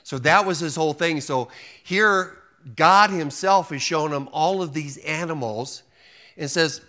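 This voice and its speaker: A man's voice: on the high side, a little slow, pushed and bright. A male pastor delivering a sermon in a church, with a folksy, humorous manner. He acts out short bits of dialogue for the congregation and often restarts his sentences mid-thought. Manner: folksy and joking, acts out quotes, frequent restarts.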